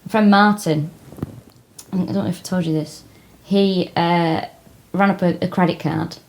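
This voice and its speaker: A woman's voice: on the low side, steady tone, unhurried, darkish tone, slight background noise. A woman in her thirties co-hosting a comedy podcast, reading out facts and chatting casually in a wry, self-mocking way. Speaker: podcast co-host.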